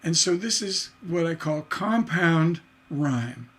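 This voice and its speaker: A man's voice: fairly high pitch, animated, takes it slowly. A man teaching songwriting on a livestream, enthusiastic and singing rhythm syllables to show his points. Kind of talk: livestream lesson.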